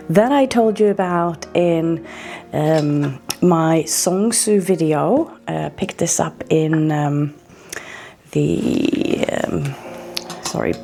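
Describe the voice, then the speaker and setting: A woman's voice: takes it slowly, creaky, soft background music. A woman vlogging casually to camera, chatty and self-deprecating, her voice a little groggy from a coming cold. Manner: chatty and self-deprecating, with lively jumps in pitch. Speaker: skincare vlogger.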